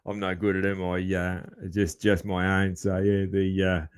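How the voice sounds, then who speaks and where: A man's voice: sits low, monotone, unhurried, clean tone. A man hosting a casual podcast, easygoing and full of fillers like man and mate. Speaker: podcast host.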